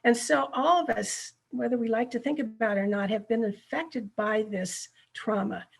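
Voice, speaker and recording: A woman's voice: on the high side, normal speed, vocal fry, slightly rough. A middle-aged woman presenting a ministry workshop over a video call, speaking earnestly and checking in with her listeners.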